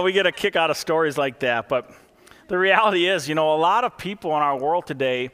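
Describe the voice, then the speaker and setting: Bright-voiced male pastor in a ringing hall. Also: fairly high pitch. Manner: folksy storytelling with fillers. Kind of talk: sermon.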